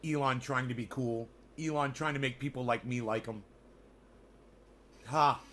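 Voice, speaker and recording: A man livestreaming and chatting with his viewers, swearing freely and ranting between long filler pauses. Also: medium pitch, fairly even intonation, fairly bright tone, slight background noise. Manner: profane, ranting, full of fillers. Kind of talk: casual livestream chat.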